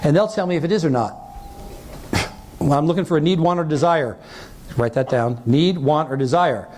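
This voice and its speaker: A man's voice: fairly high pitch, moderate pace, darkish tone. A man teaching a seminar on sales, who acts out the dialogue he describes and keeps checking in with his listeners. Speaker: sales trainer. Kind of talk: seminar talk to a live audience.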